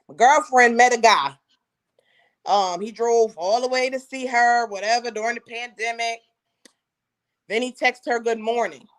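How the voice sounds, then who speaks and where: Lively woman telling funny stories on a podcast, kinda high voice. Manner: animated storyteller, slangy and laughing. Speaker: co-host. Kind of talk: casual podcast chat.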